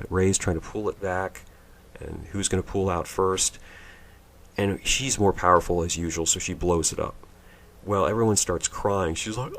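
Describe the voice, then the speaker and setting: A man giving a sarcastic, rambling movie review, mocking the scenes and sometimes mimicking the characters in silly voices. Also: sits low. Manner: rambling, offhand.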